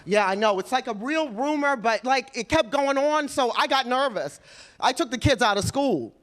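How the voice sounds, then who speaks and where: A woman doing a stand-up comedy set on a club stage, telling brash, animated stories with attitude. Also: sits high, normal speed. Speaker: stand-up comic. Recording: live club with loud crowd laughter.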